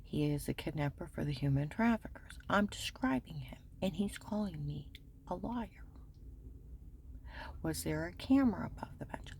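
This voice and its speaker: A woman's voice: on the low side, animated, measured pace, vocal fry, darkish tone, slight background noise. A woman giving a rambling, urgent personal account, often dropping into a whisper.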